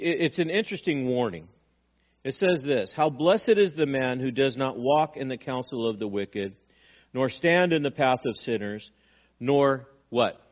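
A man's voice: on the high side, muffled recording. A male pastor preaching a sermon, asking rhetorical questions and acting out quoted dialogue with emphasis.

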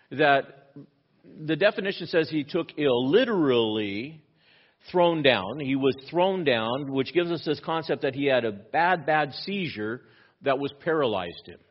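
A man delivers a sermon in a middle-pitched voice, posing rhetorical questions and repeating key phrases for emphasis. He often drops into a quieter, intense tone. The recording sounds slightly muffled. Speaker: pastor.

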